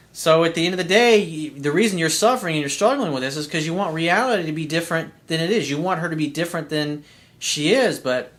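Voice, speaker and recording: A man's voice: fairly high pitch, a bit bright. A man, a dating coach, answering listener emails with blunt, conversational advice, slang and swearing.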